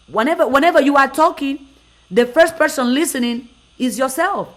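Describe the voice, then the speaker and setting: A woman's voice: sits high, lively intonation, normal speed, fairly bright tone. A woman motivational speaker talking on a live stream, driving her points home with emphatic, repeated phrases.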